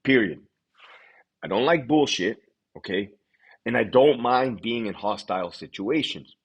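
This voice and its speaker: A man hosting a casual livestream, blunt and profane, rattling through shout-outs in a quick list. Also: mid-range voice, expressive, breathy edge. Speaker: livestream host.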